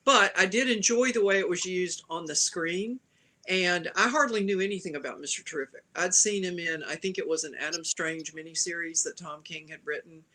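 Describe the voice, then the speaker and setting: A woman's voice: fairly low pitch, fairly quick, pushed and bright. A woman from the American South, a panelist giving opinionated film criticism with wry asides in a casual chat.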